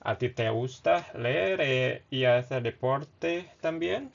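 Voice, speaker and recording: A man's voice: medium pitch, animated, a little slow, creaky. A man hosting a casual beginner language lesson, who reads short phrases, translates them and explains with hesitant fillers and self-corrections. The audio is dull and lo-fi. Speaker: Spanish lesson host.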